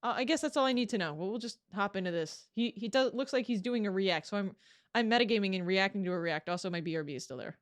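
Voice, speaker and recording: A young woman streamer chatting casually while reacting to a video, curious and quick to laugh. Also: mid-range voice.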